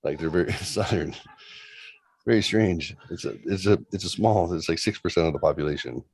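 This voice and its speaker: A man's voice: low voice, fairly quick, a little mellow, husky, dry recording. A man in his forties casually telling a long story on a livestream, loose and profane, with lots of rambling asides. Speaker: show host.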